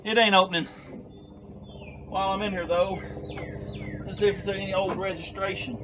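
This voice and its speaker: An older man with a drawl talks in a folksy, chuckling way, a little higher-pitched than most men. He is puffing and out of breath as he works. Steady outdoor noise runs behind his voice. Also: moderate pace, long pauses. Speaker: garage channel host. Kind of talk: casual commentary while working. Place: outdoors by an old truck on a farm.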